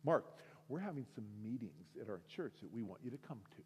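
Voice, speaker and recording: A man's voice: mid-range voice, very animated, brisk, long reverb tail, slight background noise, voice pushed down, close to an everyday voice. A man voicing a short, bald male pastor who is cheerful and persistent. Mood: coaxing.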